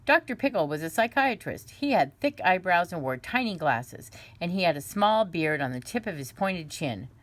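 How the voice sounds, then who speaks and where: A woman reading a children's book aloud in an unhurried, gentle way, with small slips and restarts. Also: fairly low pitch, very animated. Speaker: reader.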